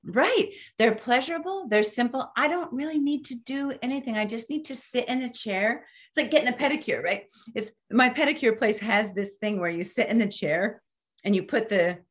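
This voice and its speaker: A woman's voice: on the high side, moderate pace. Reflective woman in her fifties, chatting. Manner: reflective, animated, trails off mid-sentence. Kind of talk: casual conversation.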